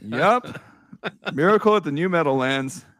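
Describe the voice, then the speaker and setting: Male podcast host, thirties, animated storyteller, dry booth sound. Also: a little slow, no echo. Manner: animated storytelling, swearing, laughing, shouting at highs. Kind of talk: casual chat.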